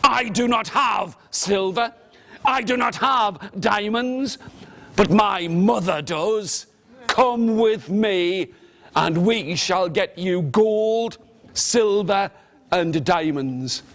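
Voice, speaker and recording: A big, slow-witted dragon bellows its questions, stretching each word out long and loud, as a man acts it out in a storytelling session. The voice sits high and carries a shouting edge. It is a gullible creature from a fairy tale, told aloud. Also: heavily acted. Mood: pleading. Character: dim boastful male dragon, loud and gullible.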